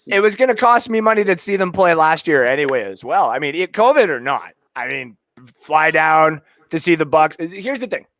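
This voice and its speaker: A man's voice: on the high side, big pitch swings, normal speed, a bit bright, no room sound. A man from Canada hosting a live sports talk stream, joking and rambling with restarts. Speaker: podcast host. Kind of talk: casual live-stream chat.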